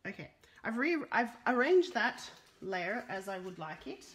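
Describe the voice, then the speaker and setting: A woman's voice: on the high side, sing-song, measured pace, fairly bright tone. A middle-aged Australian woman chatting casually through a live papercraft demo, reading out viewer comments as she works. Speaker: papercraft demonstrator. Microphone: phone.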